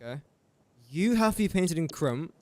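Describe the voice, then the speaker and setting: With a lively, somewhat high voice at normal speed and a darkish tone, the young English streamer works through factory calculations out loud in his building game, joking with chat as he goes. A little hiss or hum sits under the audio.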